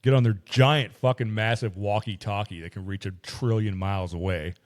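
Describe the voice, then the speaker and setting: A man hosting a podcast, casually retelling a movie as an animated, profane storyteller. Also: fairly low pitch, normal speed. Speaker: podcast host.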